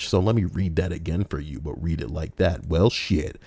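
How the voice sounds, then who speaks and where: A man's voice: sits low, normal speed, hardly any pauses, darkish tone, slight background noise. A man reading stories aloud and breaking off into mocking, profane rants at the writer and the listener. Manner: brash, mocking, profane rants between read passages. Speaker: story reader and commentator.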